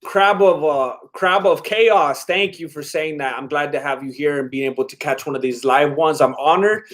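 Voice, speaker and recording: A man's voice: on the high side, normal speed, a bit bright. A man hosting a live stream in casual chat, rambling and laid-back as he reacts to viewer comments. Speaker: livestream host.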